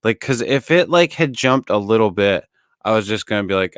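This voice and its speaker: A man's voice: fairly low pitch, expressive, fairly quick, smooth, dry recording. A man co-hosting a podcast, ranting casually with lots of swearing and restarts. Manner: profane ranting, many restarts. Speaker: podcast co-host.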